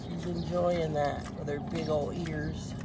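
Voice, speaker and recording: A woman's voice: level tone, takes it slowly. A woman vlogging her morning farm chores outdoors, chatting to her animals in a sing-song voice and speaking for them. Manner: talks to animals in a high sing-song voice, voices what they think. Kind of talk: casual vlog narration while doing farm chores. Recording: noisy outdoor farm audio. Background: turkeys and fowl gobbling.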